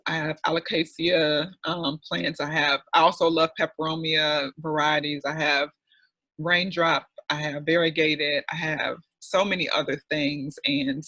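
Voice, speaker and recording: Bright, husky man telling a heartfelt story. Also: a little high, dry recording, rough recording. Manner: candid, heartfelt, chatty with many fillers. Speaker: panel guest. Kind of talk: personal storytelling in a panel discussion. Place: online panel session.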